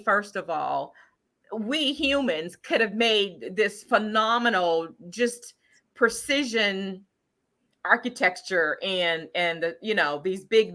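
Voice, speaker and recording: A middle-aged woman with a bright, clear voice, telling her viewers a travel story in a loose, chatty way. She rambles, stops and restarts her sentences, and fills the gaps with lots of ums. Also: mid-range voice. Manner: rambling, with many fillers and restarts. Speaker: channel host sharing travel story.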